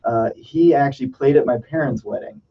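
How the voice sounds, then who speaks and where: A man's voice: mid-range voice, brisk. A man who is a pastor, chatting casually on a talk show in an easygoing, wry way. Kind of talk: casual chat. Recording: distant, dull lo-fi recording.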